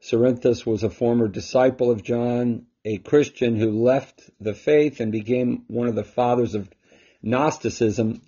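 A man with a mellow, medium-pitched voice and a breathy edge hosts a casual Scripture teaching talk from his home as a Bible teacher. He's emphatic, often dropping a rhetorical "right?", and the recording is dull and lo-fi.

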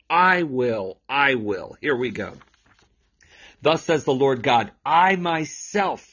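A man's voice: mid-range voice, fairly bright tone, slightly rough, lo-fi sound. A man hosting a scripture reflection show, explaining Bible readings in an emphatic, preacherly way with rhetorical questions.

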